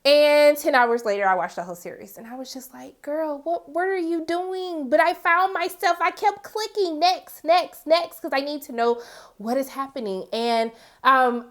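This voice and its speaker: A young woman reviewing a TV series in a casual, chatty way, with expressive, animated asides. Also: on the high side.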